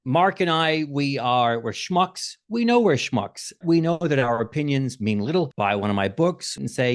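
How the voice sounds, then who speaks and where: A man hosting a podcast, chatting casually in an animated, profane, self-mocking way. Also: mid-range voice, moderate pace, few pauses. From New Zealand. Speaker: podcast host.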